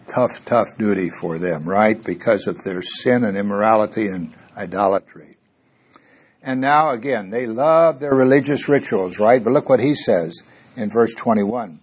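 In an expository Bible study sermon, a man reads scripture slowly and with emphasis, then explains it in a folksy, conversational manner full of jokes and asides. His voice is fairly low and husky.

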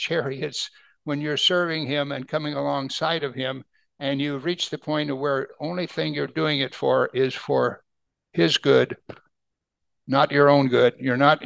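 A man's voice: a little high, creaky, a bit bright, dry recording. A man preaching a sermon, explaining Bible verses and asking his listeners rhetorical questions. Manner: slows down to read scripture aloud. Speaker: pastor.

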